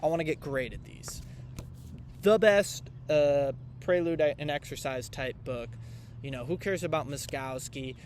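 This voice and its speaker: Young male vlogger, slightly high, loose rambling delivery, faint outdoor noise. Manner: rambling, loose and irreverent, lots of fillers. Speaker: vlogger reviewing piano books. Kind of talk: casual rambling vlog.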